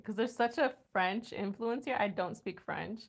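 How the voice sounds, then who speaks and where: A woman's voice: medium pitch, normal speed. An American woman hosting a casual night-time livestream from home, chatting with viewers, trying out foreign words and laughing often. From United States. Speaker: livestream host.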